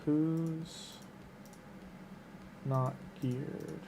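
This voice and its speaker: A man's voice: a little high, steady tone, drawn-out words, gravelly, dark tone, soft background music. A man giving casual gameplay commentary, muttering and thinking aloud as he reacts to a game. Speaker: gaming streamer.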